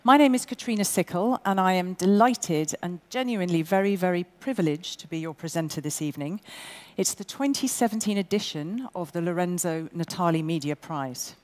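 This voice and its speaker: A woman hosts a live award ceremony, brisk, bossy and quick with a joke. Her voice sits on the low side for a woman. Her words ring out with a long reverb through a large event hall. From England. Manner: bossy, brisk and jokey with the audience. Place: large indoor event venue.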